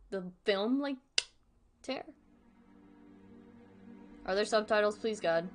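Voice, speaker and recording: A woman's voice: mid-range voice, lively intonation, takes it slowly, long pauses. Giggly woman streamer, casual. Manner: giggly, joking, rambling. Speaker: streamer reacting to a horror series. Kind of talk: casual livestream commentary.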